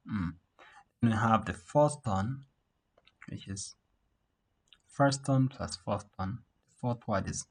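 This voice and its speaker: A man teaching a beginner Mandarin class over a video call, saying words slowly for learners to repeat. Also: lowish voice, darkish tone, low-quality recording. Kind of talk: online language lesson.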